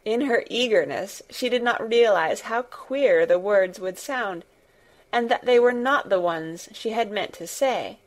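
Calm lady reading a story out loud, nice and slow. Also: medium pitch. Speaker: audiobook narrator. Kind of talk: scripted narration.

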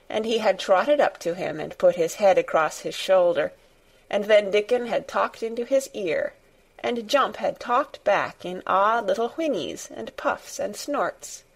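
A woman reads a classic children's story aloud with measured, expressive narration. Her voice sits in a middle range for a woman. It is a steady audiobook delivery. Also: medium pitch. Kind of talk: scripted narration.

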